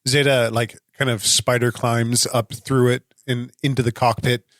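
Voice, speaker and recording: A man playing a tabletop game, calmly describing his character's actions. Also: medium pitch, moderate pace, no echo, studio quality. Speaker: player.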